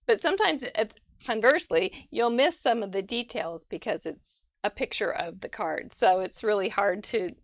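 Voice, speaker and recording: A woman's voice: medium pitch, expressive, normal speed, no echo, clean studio sound. A woman hosting a live crafting show over a video call, gushing over viewers' cards with frequent laughs. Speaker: host. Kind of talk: casual livestream chat.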